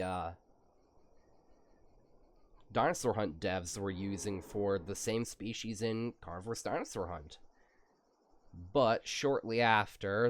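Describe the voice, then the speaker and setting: Slow, low-voiced gamer with a stuffy nose. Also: male voice. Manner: rambling, relaxed, drawn-out. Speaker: gaming channel host. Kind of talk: casual gameplay commentary.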